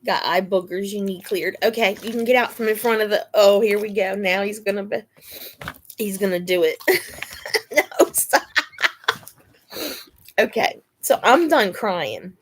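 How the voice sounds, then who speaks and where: A woman's voice: mid-range voice, normal speed, a little hiss or hum. A woman hosting a casual live chat, chatting to viewers and cooing to her dog between laughs. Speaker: live stream host.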